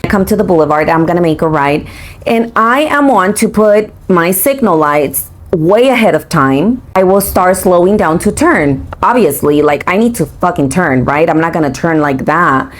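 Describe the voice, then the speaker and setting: Profane, animated mixing storyteller woman. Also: fairly low pitch, normal speed. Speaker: podcast co-host. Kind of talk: casual storytelling chat.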